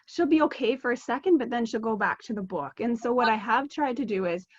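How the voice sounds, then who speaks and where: Mother caller, slightly high-pitched, hesitant delivery, muffled dry call audio. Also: lively intonation, brisk, no echo. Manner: hesitant, many ums. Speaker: caller, mother of a three-year-old. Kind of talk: asking advice on a call. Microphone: video call.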